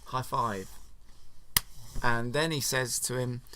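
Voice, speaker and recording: A man casually retelling a film as a story to his child, relaxed and playful. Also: mid-range voice, slow pace, background noise.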